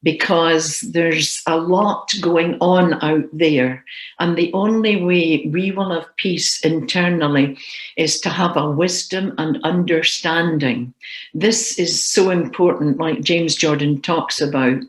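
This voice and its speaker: A woman's voice: low voice, slow, echoey room, low-quality recording. A woman giving an earnest, emotional testimony about forgiveness in a sermon. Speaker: Christian speaker.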